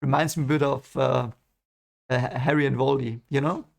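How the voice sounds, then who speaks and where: A young man reading a novel aloud and thinking out loud about it in casual commentary, rambling and restarting his sentences. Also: mid-range voice, fairly even intonation, normal speed, creaky. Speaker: book reaction reader. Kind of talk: casual read-along commentary.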